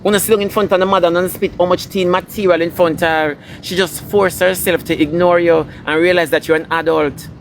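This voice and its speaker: A man with a Jamaican accent lectures and scolds in a preachy rant, hammering his points home by repeating them. His voice sits a little high for a man. The recording is noisy, with street sounds and passing vehicles clearly heard behind him. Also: fairly even intonation, brisk, few pauses. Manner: scolding, preachy, emphatic repetition. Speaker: entertainer ranting online. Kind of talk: ranting commentary.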